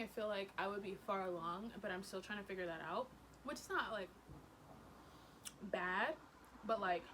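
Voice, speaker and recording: A woman's voice: medium pitch, rough recording. A young woman chatting casually on her vlog, bubbly and rambling with lots of "like"s, recorded in a car. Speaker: vlogger. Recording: steady background noise, vehicle sounds.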